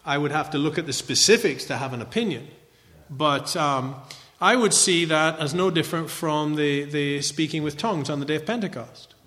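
A man's voice: fairly high pitch, moderate pace, fairly bright tone, big-room sound. A man giving a conversational Bible teaching lecture, often checking in with a rhetorical "right?".

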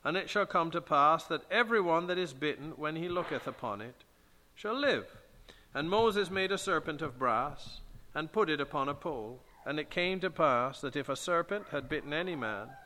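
Forceful preacher man in an echoing hall. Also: on the high side, expressive, moderate pace, slight background noise. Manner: emphatic preaching with King James scripture reading. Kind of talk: sermon. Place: church sanctuary. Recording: long church hall reverb.

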